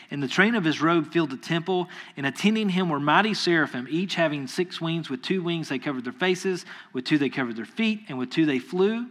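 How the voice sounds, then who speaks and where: Guy preaching a sermon, bright punchy voice, chatty and informal. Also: fairly high pitch. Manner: casual, conversational preaching with quick asides to the audience; acts out quoted voices in retellings.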